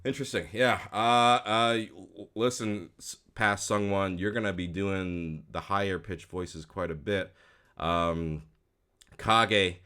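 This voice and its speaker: A man's voice: sits low, steady tone, takes it slowly, sharp tone, smooth. A man who works as a voice actor, reacting casually to an old video of himself. He rambles frankly with lots of fillers, restarts and dry, self-mocking remarks. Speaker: voice actor and host.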